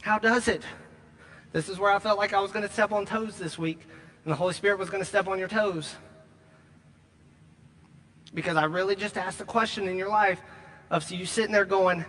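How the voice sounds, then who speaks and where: High, bright-voiced man preaching. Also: in a large hall. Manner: emphatic preaching with repeated phrases and slow stressed lines. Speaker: pastor. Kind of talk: sermon.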